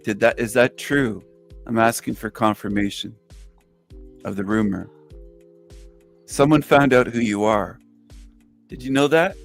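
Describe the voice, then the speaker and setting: A man calling into an online voice chat, taunting another caller in a flat, mocking, repetitive way. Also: lowish voice, a little slow, vocal fry, pauses often, soft background music. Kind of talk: trolling taunts.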